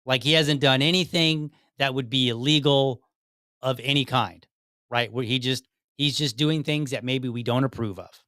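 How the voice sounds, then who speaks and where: A man's voice: mid-range voice, moderate pace, bright, forceful tone, no echo, studio quality. A man hosting a podcast, giving direct, argumentative commentary and often repeating himself as he builds a point. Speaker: podcast host. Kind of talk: commentary on a played clip.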